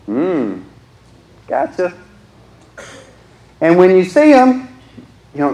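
A man's voice: fairly high pitch, wildly swooping pitch, slow pace, pauses often, mellow, reverberant, low-quality recording. A young man preaching a sermon in a joking, conversational way, often asking the crowd questions.

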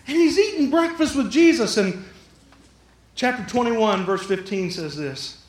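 High-voiced preacher, roomy hall. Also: male voice, unhurried. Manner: lively, jokey, acts out the quotes. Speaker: pastor. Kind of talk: sermon.

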